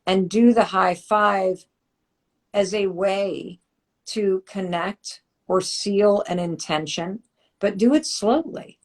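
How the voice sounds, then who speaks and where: A woman's voice: medium pitch, slow pace. A woman hosting a live motivational chat, talking in an emphatic, coaching way. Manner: emphatic, coaching, quotes listeners' doubts. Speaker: host. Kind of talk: motivational talk.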